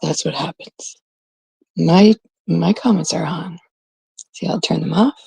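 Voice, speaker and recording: Woman from Canada, gravelly husky voice, blunt exasperated live-stream rant, curses freely. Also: on the low side, a little slow, dark tone, dry recording. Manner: blunt, exasperated, swears freely, quotes others mockingly. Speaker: livestream host.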